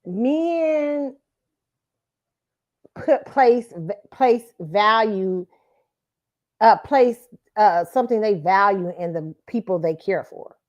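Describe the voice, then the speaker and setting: A woman host talks straight to her audience about dating, blunt and unfiltered, with plenty of swearing. She tells stories in a loose, rambling way, restarting her sentences as she goes. Her voice sits at a middle pitch. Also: animated, slow pace, pauses often, a little mellow, muffled recording. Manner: blunt, profane, storytelling with many restarts. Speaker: show host. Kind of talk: casual opinion talk.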